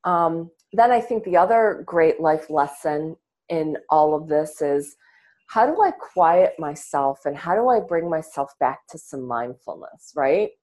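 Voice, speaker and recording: A woman's voice: deep voice, animated, measured pace, darkish tone. A woman guest on a podcast, talking in an earnest, reflective way and swearing casually, over earbuds on a video call. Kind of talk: casual interview talk.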